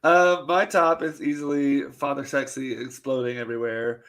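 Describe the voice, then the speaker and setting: A man's voice: medium pitch, little pitch movement, moderate pace, a bit bright. A man co-hosting a casual podcast chat, enthusiastic and laughing often. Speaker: podcast co-host.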